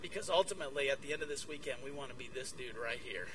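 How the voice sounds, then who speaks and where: A man giving a lively sermon as a guest speaker to a conference crowd, acting out bits of dialogue. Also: medium pitch, fast talker, distant mic, background noise. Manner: energetic, acts out dialogue. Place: conference room with audience.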